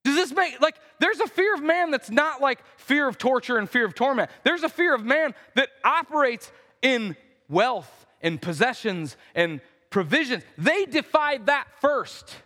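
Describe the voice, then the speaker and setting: A pastor preaching a conversational sermon in a church, acting out the quotes in voices. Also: male voice, very high voice, lively intonation, a little slow, bright, forceful tone. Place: church sanctuary. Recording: reverberant church hall.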